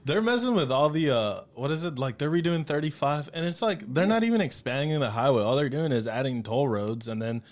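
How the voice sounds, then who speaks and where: A man telling a story in casual chat, animated, swearing freely and acting out what people said. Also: fairly high pitch, fairly quick, few pauses. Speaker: podcast guest.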